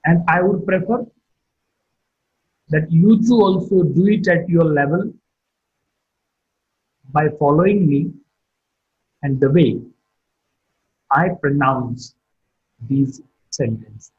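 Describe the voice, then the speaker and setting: A middle-aged man giving a recorded phonetics lecture, speaking in a slow, deliberate teaching manner and carefully modeling example sentences. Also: a little high, breathy edge, phone-quality sound. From India.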